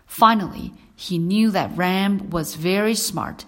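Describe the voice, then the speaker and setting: A woman narrating a children's story with slow, clear read-aloud delivery. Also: lowish voice.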